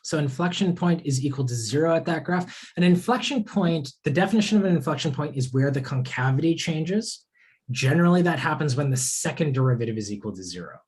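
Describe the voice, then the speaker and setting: A man's voice: a little high, lively intonation, a little fast, darkish tone. A young man teaching a live online math lesson in a casual way, answering student questions as he works through problems. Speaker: course instructor.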